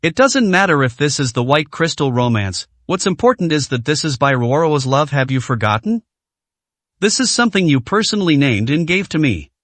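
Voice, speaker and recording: A heartbroken young woman in an audio story, pleading through tears with halting words, as a male narrator puts her on. The voice sits a little high and sounds dry and close. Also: expressive, fairly bright tone, no room sound. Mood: tearful.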